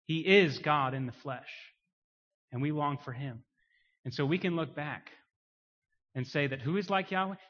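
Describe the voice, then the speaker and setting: Male preacher, dynamic delivery from hushed to loud, somewhat high voice, muffled recording. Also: moderate pace, long pauses. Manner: dynamic, swings between quiet emphasis and loud rising declarations. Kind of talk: sermon. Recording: muffled sound with long hall reverb.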